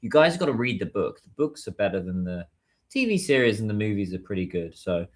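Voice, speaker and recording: Speaking British English, a UK-born livestream host chats casually and responds to messages from viewers. He has a lowish, very animated voice and talks briskly.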